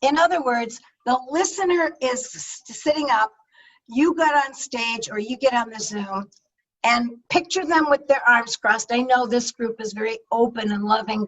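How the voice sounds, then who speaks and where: A woman speaking coach giving an energetic, emphatic talk on public speaking over a video call. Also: fairly high pitch, normal speed. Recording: distant-sounding video call audio.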